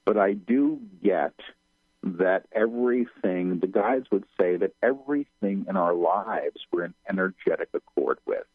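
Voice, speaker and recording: A man being interviewed on radio who channels guides, repeating phrases softly as they come through. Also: low-pitched, measured pace, husky, no echo. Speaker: channeler guest. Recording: tinny phone line.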